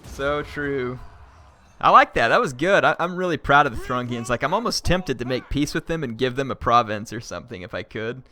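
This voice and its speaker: A man live-streaming a strategy game, excitably yelling orders at his units and chatting with viewers. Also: mid-range voice, fast talker, hardly any pauses.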